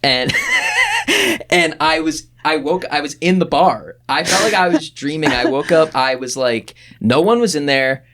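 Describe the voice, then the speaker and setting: A young man in his twenties, a podcast producer, telling a story in casual chat and jumping up in pitch as he acts out what people said. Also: measured pace, slight background noise. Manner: animated, acts out quoted voices with big pitch jumps.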